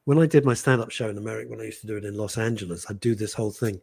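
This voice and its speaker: A man's voice: on the low side, very fast, creaky, breathy edge. A middle-aged Englishman hosting a talk show, telling stories in casual chat and acting out the voices of people he quotes. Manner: animated storytelling with mimicked voices.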